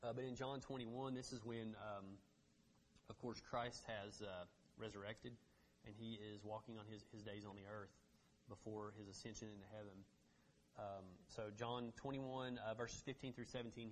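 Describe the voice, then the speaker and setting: A man preaching a relaxed, conversational sermon, often repeating words and adding fillers as he reads scripture to his congregation. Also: lowish voice, normal speed, slight background noise. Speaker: pastor.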